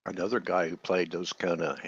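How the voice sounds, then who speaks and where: A man's voice: deep voice, little pitch movement, a little fast, slightly rough, dry recording. A man chatting casually in a laid-back, chuckling way. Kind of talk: casual chat. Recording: distant, dull lo-fi audio.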